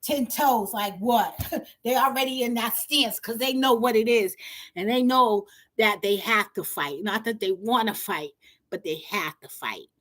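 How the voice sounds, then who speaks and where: A woman host with a bright, fairly high voice who comments in a casual, profane way and hands out blunt advice. She sounds loose and direct. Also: a little slow, dry recording. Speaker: podcast host.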